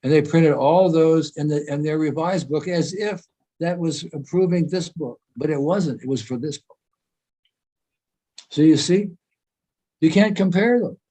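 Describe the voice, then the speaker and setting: A man's voice: a little high, unhurried, long pauses, warm tone, rough recording. Emphatic older man with restarts. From United States. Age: 80s. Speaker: senior devotee speaker. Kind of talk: informal talk in a meeting.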